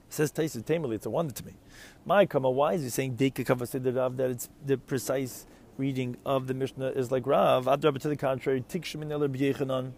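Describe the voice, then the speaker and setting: A man's voice: medium pitch, vocal fry, darkish tone. A man giving a Talmud lecture, reading Aramaic phrases and explaining each one in English, often posing questions to his listeners. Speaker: Talmud teacher.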